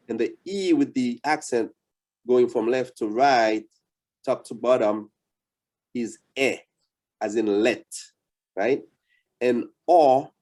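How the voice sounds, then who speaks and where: Man, Haitian accent, language teacher, patient explaining, fillers and restarts, mellow dark voice. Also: mid-range voice. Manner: patient, explanatory, many fillers and repeated words. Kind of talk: interactive beginner language lesson.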